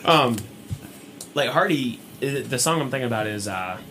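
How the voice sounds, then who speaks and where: A young man, co-hosting a podcast and telling a story in a casual, animated way. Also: medium pitch, slight background noise. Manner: fast, animated storytelling with acted-out quotes. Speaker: podcast co-host.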